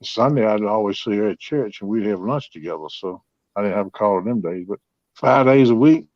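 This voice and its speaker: A man's voice: on the low side, fairly quick, dry recording. A man, telling heartfelt stories in a folksy, drawling way during a casual chat. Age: 50s. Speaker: host. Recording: dull lo-fi sound, dry.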